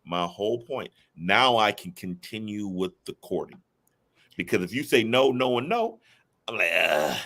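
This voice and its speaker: A man co-hosting a casual talk show, expressive and acting out what he would say to a woman. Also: fairly low pitch, moderate pace. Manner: expressive, acts out pickup lines. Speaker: co-host. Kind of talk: casual chat.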